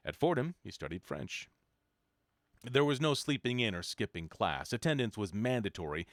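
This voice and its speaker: Low-voiced man reading a book aloud. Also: dry recording, clean studio sound. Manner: measured, even reading with occasional self-corrections. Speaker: reader.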